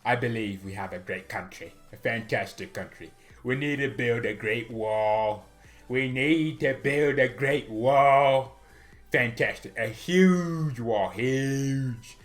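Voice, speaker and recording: A man voicing a grandiose older male politician who talks slowly and keeps repeating big superlatives. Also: medium pitch, soft background music, natural voice. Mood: boastful. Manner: slow, emphatic, repeats superlatives.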